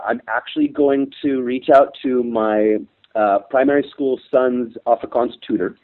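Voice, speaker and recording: A man's voice: medium pitch, very animated, a little slow, gravelly. Hesitant man on a tinny phone line. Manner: hesitant, many restarts, gets choked up. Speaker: interview guest. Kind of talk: emotional personal interview.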